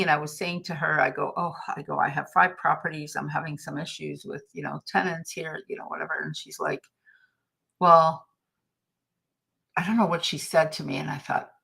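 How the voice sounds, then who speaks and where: Chatty woman host, low-pitched. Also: creaky, fairly bright tone. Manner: chatty, anecdotal, laughs often. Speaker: livestream host. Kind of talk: casual motivational talk.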